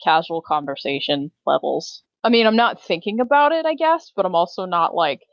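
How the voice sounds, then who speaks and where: A woman's voice: fairly low pitch, expressive, normal speed, dry recording. A woman playing a tabletop game, chatting casually with fillers. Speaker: player. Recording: dull dry sound.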